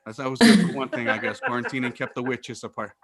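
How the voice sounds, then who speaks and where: A man, doing loud, profane stand-up on a video call and laughing through his stories. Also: mid-range voice, big pitch swings, fast talker, over music. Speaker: comedian.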